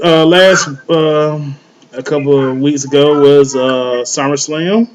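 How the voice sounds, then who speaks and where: A man's voice: fairly high pitch, takes it slowly. Rambling male podcast host, lo-fi. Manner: loose, rambling, many fillers. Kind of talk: casual wrestling chat. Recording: dull lo-fi online call audio with light hiss.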